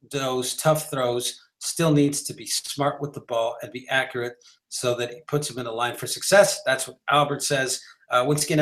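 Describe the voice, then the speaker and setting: A man's voice: medium pitch, a bit bright. A man co-hosting a live sports talk show, arguing emphatically and rambling with frequent restarts and fillers. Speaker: podcast co-host.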